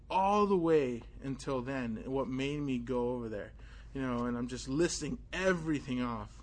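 A young man preaching an informal sermon, telling a personal story in a casual, animated way with many fillers. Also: a little high.

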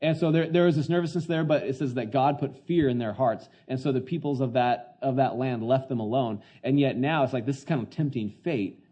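A man's voice: mid-range voice, brisk, dark tone, husky. A man teaching a Bible passage in a chatty sermon, full of fillers and retelling scenes. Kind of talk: conversational sermon. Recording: dull lo-fi sound.

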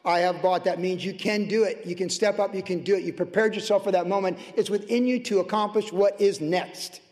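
High-voiced pastor in a reverberant church. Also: male voice, fairly even intonation, brisk. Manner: passionate, swings from loud to hushed. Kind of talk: sermon. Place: church sanctuary.

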